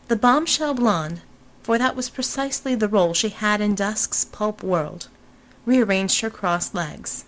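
A woman reading narration of a novel in a measured, even storytelling manner. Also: mid-range voice, rough recording. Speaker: audiobook narrator. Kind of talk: scripted narration.

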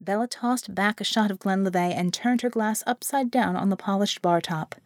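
A woman narrates an audiobook from a script in an expressive storytelling manner. Her mid-range voice moves at a moderate pace, and the studio recording is clean and dry.

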